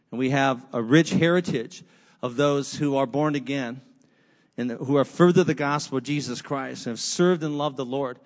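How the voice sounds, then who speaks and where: A man preaching a sermon, with repetitive rhetorical lists and casual conversational asides. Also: medium pitch. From United States. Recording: long hall reverb.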